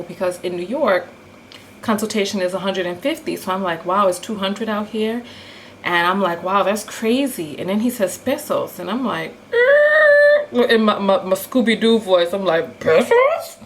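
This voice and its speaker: A woman telling a story in a casual vlog, animated and full of acted-out quotes. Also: medium pitch, moderate pace, a little hiss or hum, poor audio. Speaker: vlogger.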